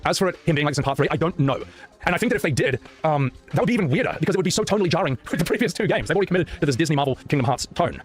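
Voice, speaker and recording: A male streamer talks at a breakneck pace, opinionated and joking. His pitch swings all over and sits a bit high. Faint music plays behind him. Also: expressive, rapid-fire, breathy edge. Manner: opinionated, joking, prone to rants. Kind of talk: casual gaming chat.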